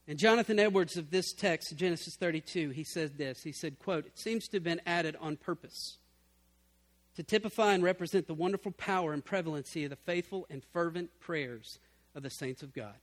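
High-voiced, animated preaching man. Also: fairly quick. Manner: animated, swings from loud emphatic bursts to low quiet passages. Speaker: pastor. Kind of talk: sermon.

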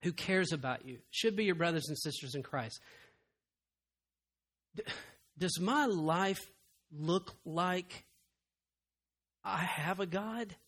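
A pastor delivers a sermon in a church with a high, bright voice. He surges to loud, emphatic peaks, then drops to near-hushed confession, repeating phrases for weight. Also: animated, slow pace, long pauses, breathy edge. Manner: impassioned, swinging from loud to hushed.

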